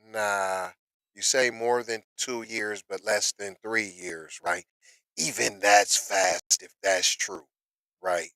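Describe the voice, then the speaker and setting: A man casually commenting on news he reads aloud, slangy and animated, with excited outbursts, on a close mic in a dry small room. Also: lowish voice, takes it slowly, no room sound, rough recording.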